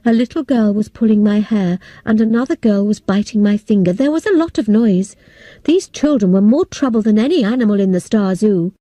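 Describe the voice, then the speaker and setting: Dark-voiced woman reading an audiobook. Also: medium pitch, brisk, no room sound. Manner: clear and steady, for language learners. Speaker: audiobook narrator. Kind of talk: scripted narration.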